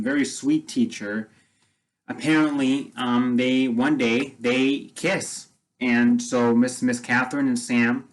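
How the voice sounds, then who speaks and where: A man's voice: mid-range voice, poor audio. A man casually retelling a story, rambling, with lots of fillers and repeated phrases.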